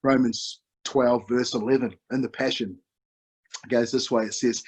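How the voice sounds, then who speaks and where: Husky New Zealand man preaching. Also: medium pitch, steady tone, unhurried, rough recording. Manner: chatty, story-led, full of 'you know' fillers. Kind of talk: conversational sermon.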